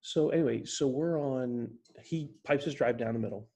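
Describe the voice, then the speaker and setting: Podcast guest: man, gravelly husky voice, rambling storyteller, casual chat. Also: medium pitch, moderate pace, mellow.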